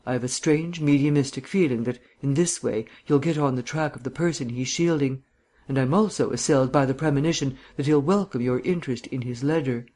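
A man voicing a suave, bantering gentleman sleuth with bland, mannered phrasing in an audiobook reading. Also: medium pitch, brisk, close to an everyday voice. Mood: earnest.

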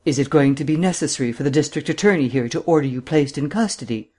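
A man reading an audiobook, voicing a cool, cynical gentleman detective with a drawling, mildly mocking manner. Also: fairly high pitch, quick pace, husky. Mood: cool, probing.

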